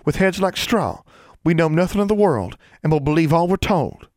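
A man's voice: mid-range voice, steady tone, quick pace, no room sound, clean studio sound, pitched above the performer's own voice, close to an everyday voice. A man playing a huffy Ozark country girl. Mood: indignant. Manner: huffy, clipped folksy speech. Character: proud rural Ozark girl, quick to bristle. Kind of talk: audiobook character voice.

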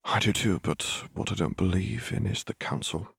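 A man reading the part of a weary, idealistic woman sheriff who speaks in a soft, measured, formal way. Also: low voice, vocal fry, breathy edge, no echo, clean studio sound, exaggerated voice. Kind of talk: audiobook reading of fan fiction.

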